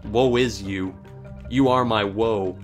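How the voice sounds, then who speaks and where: A man's voice: fairly low pitch, fairly even intonation, takes it slowly, faint music behind. A man giving casual, sarcastic commentary while he plays a video game, joking and swearing at it. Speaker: let's play host.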